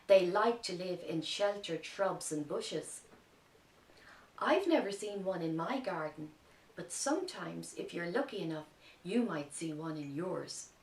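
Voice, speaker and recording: Slow, gentle Irish woman teacher. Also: fairly low pitch, expressive, a little hiss or hum. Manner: gentle and clearly spoken. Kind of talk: storytelling lesson for young children. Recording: roomy sound from a distant mic.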